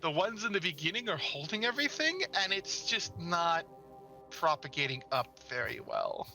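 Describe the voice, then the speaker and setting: A man's voice: fairly high pitch, huge pitch swings, moderate pace, bright, forceful tone, faint music behind. A man streaming a game in casual chat, playful, swearing freely and humming nonsense syllables.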